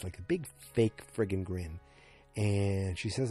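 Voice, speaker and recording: A man's voice: sits low, unhurried, mellow, soft background music. A man hosting a fan podcast, recapping an episode in a rambling, casual way and acting out quotes with lots of filler words. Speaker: podcast host.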